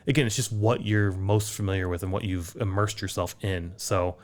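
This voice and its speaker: A lower-voiced American man talks casually on a podcast. He rambles through his points and makes fun of his own slips. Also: fairly even intonation, moderate pace, darkish tone. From United States. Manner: rambling, self-deprecating, laughs at own slips. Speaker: podcast co-host. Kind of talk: casual chat.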